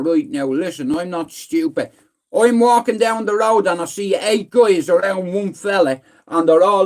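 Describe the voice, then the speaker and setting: A middle-aged man with a Dublin Irish accent, hosting a livestream in a blunt, rambling, sweary way. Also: high-pitched. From Ireland. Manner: rambling, blunt and sweary, repeatedly saying "listen". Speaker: livestream host. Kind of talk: casual livestream chat.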